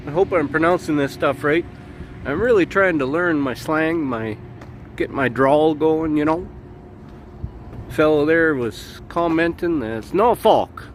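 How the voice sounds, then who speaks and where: A man's voice: a little high, expressive, unhurried. A middle-aged Canadian truck driver chatting casually to a phone camera outdoors beside his truck, exclaiming at the gusts. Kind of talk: casual vlog chat. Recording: loud wind noise on mic. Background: wind gusts.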